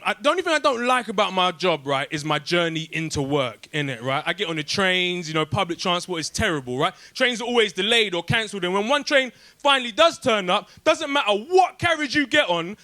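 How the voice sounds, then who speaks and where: A young man with a London accent doing a stand-up set in a comedy club, animated and streetwise, tagging lines with questions. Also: sits high, no room sound.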